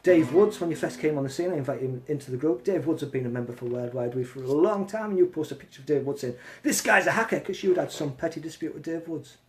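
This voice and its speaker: Casting: male live streamer, fairly high voice, blunt and confrontational, phone mic. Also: fast talker, hardly any pauses, dark tone. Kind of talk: casual live stream rant.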